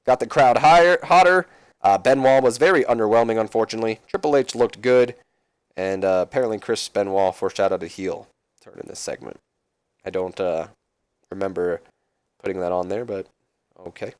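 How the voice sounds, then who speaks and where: A man's voice: lowish voice, a little fast, smooth, dry recording. Chatty man narrating a wrestling sim. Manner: chatty, self-mocking asides. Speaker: let's play host. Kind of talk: casual game commentary.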